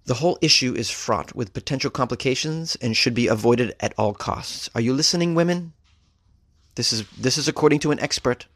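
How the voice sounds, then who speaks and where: A man hosts a comedic news podcast, reading odd stories and cracking wry asides between them. His voice sits at an ordinary pitch and stays loose and conversational. The recording is close and dry. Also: fairly quick, fairly bright tone, no room sound. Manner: wry, joking, riffs on stories. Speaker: podcast host.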